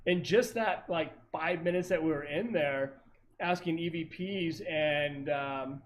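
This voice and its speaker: A man with a fairly high voice recounts paranormal investigations over a video call. He rambles, trails off and corrects himself, and a faint hiss sits under his voice. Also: unhurried. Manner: rambling, many fillers and self-corrections.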